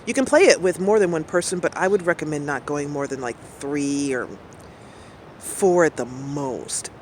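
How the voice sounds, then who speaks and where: A woman's voice: sits low, expressive, normal speed, slight background noise. A middle-aged woman streamer chatting casually and rambling, laughing often as she talks. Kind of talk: casual chat. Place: outdoors.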